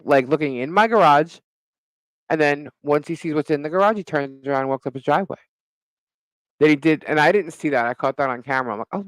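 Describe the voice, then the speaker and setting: A man's voice: mid-range voice, dry recording, poor audio. A middle-aged man co-hosting a live talk show, telling a neighbor story in casual chat, laughing often and cursing freely. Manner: animated storyteller, frequent laughter, swears. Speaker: podcast co-host.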